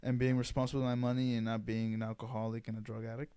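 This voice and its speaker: A man's voice: medium pitch, little pitch movement, racing, warm tone, clean tone. A man in his mid-twenties, co-hosting a podcast, talking in a laid-back, crude, joking way. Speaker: podcast co-host. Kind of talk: casual chat.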